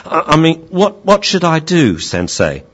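A man's voice: fairly high pitch, huge pitch swings, measured pace, muffled recording, noisy background, pitched above the performer's own voice. A man voicing an anxious young puppy student who pleads with his master for advice. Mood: pleading. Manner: pleading, questioning.

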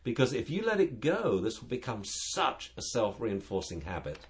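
A man's voice: mid-range voice, huge pitch swings, normal speed. A man who trains dogs, chatting on a talk show and acting out dogs and owners in funny voices. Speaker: dog trainer and show guest expert. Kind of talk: casual radio chat.

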